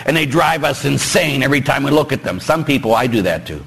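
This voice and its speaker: A man's voice: fast talker, gravelly, hardly any pauses, slightly rough, rough recording. A man with a Pittsburgh accent, a priest preaching a joking, emphatic sermon to his congregation in a church. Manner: animated, joking with congregation, rising emphatic pitch.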